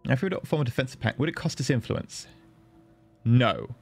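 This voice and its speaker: A man's voice: fairly quick, creaky, husky, faint music behind. A man streaming a strategy game, chatting casually and playfully with his viewers, thanking them and joking as he plays. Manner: chatty, playful, thanks viewers, bursts into high excited pitch. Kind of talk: casual livestream commentary.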